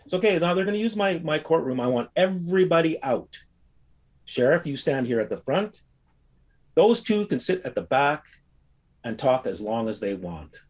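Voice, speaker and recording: A man voicing a calm, dignified older male judge who speaks firmly and with authority. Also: on the high side, moderate pace, voice pushed up.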